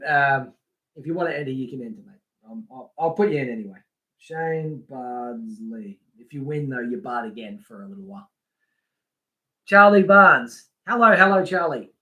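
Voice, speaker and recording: A man's voice: on the high side, fairly bright tone. A man hosting a casual fishing live stream, chatting loosely, reading out names from the chat and laughing often. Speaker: livestream host.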